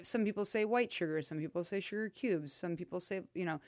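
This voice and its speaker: Chatty low-voiced woman sommelier. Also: fairly quick, dry recording, clean studio sound. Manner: chatty and animated, with frequent laughs and loose asides. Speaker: sommelier and podcast co-host. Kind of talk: casual chat.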